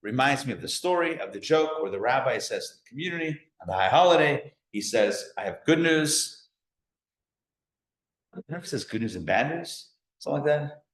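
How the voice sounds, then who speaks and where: A man teaching a live class as a rabbi, animated, asking the audience questions and joking along the way. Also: mid-range voice, quick pace. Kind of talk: lively live lecture. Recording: echoey room.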